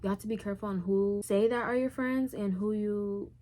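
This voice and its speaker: A woman's voice: mid-range voice, fairly even intonation, a little fast, warm tone. Candid chatty young woman vlogger. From Puerto Rican heritage. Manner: candid and chatty, heavy use of "like". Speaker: YouTuber. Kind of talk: casual Q&A vlog.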